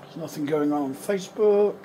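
A vlogger from England with a slightly high, warm voice talks a little fast as he tidies his bedroom, keeping up a casual running commentary. He mutters to himself, rambles loosely and trails off mid-thought, with a faint hum of room ambience in the background.

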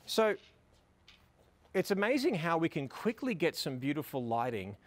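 A middle-aged man gives an on-location photography lesson beside a building, coaxing a posing couple along with upbeat compliments. He speaks at a normal speed in a slightly high voice that swings widely in pitch.

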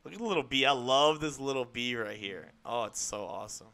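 A young man streaming a game live, chatting in a rambling, excitable way to his viewers and to the creatures on screen. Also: medium pitch, a little fast, gravelly, few pauses. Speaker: gaming streamer. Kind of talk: live gameplay chat.

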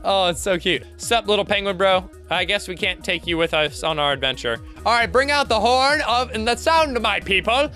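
A young man hosting a let's play, chatting excitedly as he plays, laughing and yelping often. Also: high voice, moderate pace, hardly any pauses, faint music behind. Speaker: gaming channel host.

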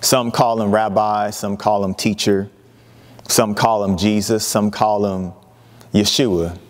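A man preaching a sermon, emphatic, with dramatic pauses and lively retellings of scripture. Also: lowish voice, big-room sound. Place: church sanctuary.

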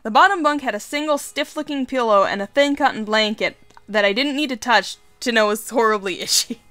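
A woman reads a dating game aloud and breaks off for giggly, foul-mouthed asides. Her voice is bright and a bit high. Faint game music runs behind her. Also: brisk, no room sound. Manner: giggly, swears casually. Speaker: let's play host.

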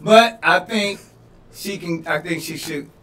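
A man from Detroit, a comedian co-hosting a podcast, riffing loudly and laughing through his punchlines. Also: fairly high pitch, a little slow. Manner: animated, laughing, yelling punchlines. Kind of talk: loose comedic banter. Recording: echoey room, mic at a distance, faint noise.

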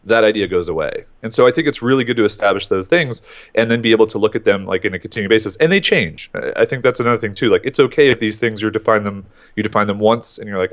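Fast-talking, low-voiced man telling stories. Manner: animated storyteller, acts out his own inner voice. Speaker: podcast guest, entrepreneur. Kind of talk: casual interview talk.

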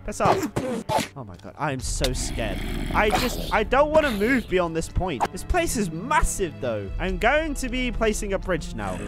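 Young man, high lively voice, jittery horror-game commentary, background music. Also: a little slow. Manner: jittery, nervous muttering that bursts into yelps and screams. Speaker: gaming YouTuber.

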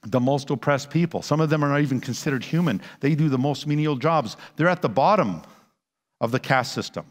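A man's voice: mid-range voice, brisk. Man preaching in a reverberant hall. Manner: animated, sarcastic asides and rhetorical questions. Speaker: apologist conference speaker. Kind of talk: conference lecture with slides. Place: church conference hall.

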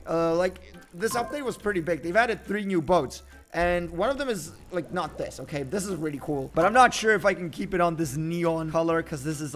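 A young man casually commentating his gameplay with an excitable, boastful joking manner, his voice hoarse from screaming. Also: high-pitched. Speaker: gaming video host. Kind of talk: casual let's-play commentary.

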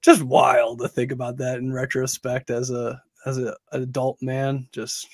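A man's voice: medium pitch, completely flat delivery, normal speed, no echo. A young adult man co-hosting a podcast, telling stories in a rambling, profane, casual way. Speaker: podcast co-host. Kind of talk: casual chat.

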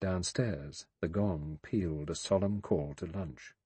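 Low husky guy reading a mystery audiobook, dry dead sound. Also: slow, warm tone, dry recording. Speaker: audiobook narrator. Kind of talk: scripted audiobook narration.

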